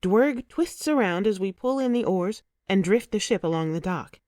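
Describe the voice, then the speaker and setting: A woman narrating an audiobook in the first person with expressive, emotive storytelling. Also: medium pitch, moderate pace, dry recording, studio quality.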